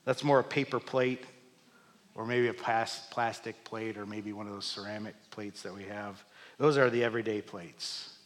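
A man preaching a sermon to his congregation, asking them questions and swinging between loud emphatic peaks and hushed low lines. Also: steady tone, normal speed. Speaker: pastor. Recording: long hall reverb.

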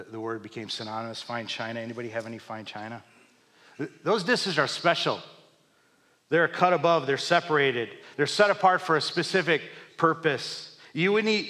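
A man preaching a sermon to his congregation, asking them questions and swinging between loud emphatic peaks and hushed low lines. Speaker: pastor. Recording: long hall reverb.

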